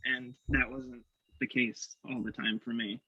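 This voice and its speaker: Bright-toned animated man telling stories. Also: medium pitch, a little slow, husky, dry recording. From Canada. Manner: animated, laughing, acts out quoted voices. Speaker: guest actor. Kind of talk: casual storytelling interview. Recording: dull lo-fi dry sound.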